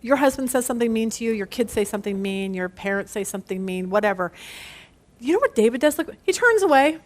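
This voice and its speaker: Bible study leader, middle-aged woman, high bright voice, animated, laughs at herself. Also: fast. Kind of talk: lively Bible study teaching.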